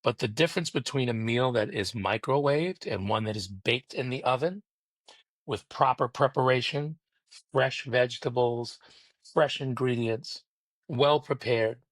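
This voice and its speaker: Guy preaching motivation on a pod, emphatic and rhythmic, mid pitch, dry audio. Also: no room sound. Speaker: guest. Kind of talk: motivational podcast interview.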